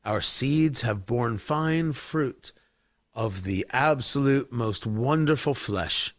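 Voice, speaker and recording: A man putting on a hushed, gloating revolutionary villain. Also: mid-range voice, lively intonation, dry recording, clean studio sound, voice pushed down. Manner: slow, hushed, sinister. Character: scheming male revolutionary leader, gloating.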